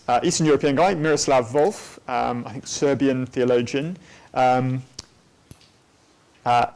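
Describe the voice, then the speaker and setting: A man's voice: medium pitch, a little mellow. A man giving a church teaching talk on theology, thoughtful and unscripted, with frequent ums and restarts. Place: church hall at a weekend away.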